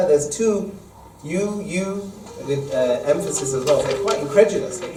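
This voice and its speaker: A man, an imam, leading a Quran study lesson, explaining verses at length and reciting Arabic quickly, recorded in an echoey mosque hall from a distance. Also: a little high, lively intonation, dark tone, slight background noise. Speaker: imam teaching a study circle. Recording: echoey room, mic far off.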